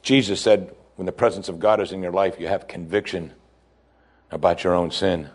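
A male pastor delivering a sermon, preaching emphatically with pitch that climbs and falls. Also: fairly even intonation, normal speed.

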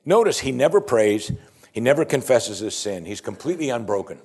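Male pastor, lively sermon delivery, slightly husky. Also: medium pitch, fairly quick. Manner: animated, swinging between loud exclamation and quiet asides.

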